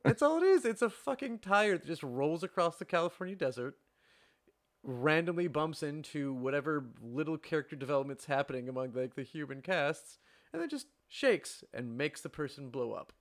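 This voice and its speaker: A man's voice: on the high side, sing-song, normal speed. A man co-hosting a casual movie chat, laughing often and rambling with lots of fillers. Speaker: podcast co-host.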